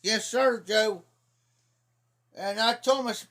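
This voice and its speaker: A man's voice: high voice, takes it slowly, a bit bright. A middle-aged man from Ohio telling rambling folksy stories on a casual livestream, repeating "I said" as he goes. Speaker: livestream host. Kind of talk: casual storytelling chat.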